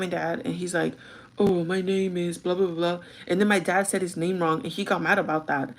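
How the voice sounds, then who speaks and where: Chatty young woman telling a story. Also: mid-range voice. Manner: rambling, chatty storytelling with many fillers; switches languages mid-sentence. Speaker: vlogger. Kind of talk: casual chat.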